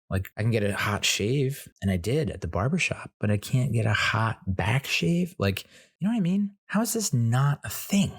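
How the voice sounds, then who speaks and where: A man telling a comedic story in a casual, animated way, swearing freely and acting out the voices of other people. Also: medium pitch, normal speed. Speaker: comedy podcast host.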